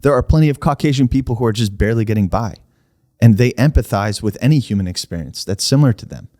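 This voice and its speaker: A man's voice: mid-range voice, animated, fast, dark tone. A man co-hosting a podcast, talking in a casual, argumentative way and pushing back emphatically. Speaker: podcast co-host. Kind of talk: casual debate chat.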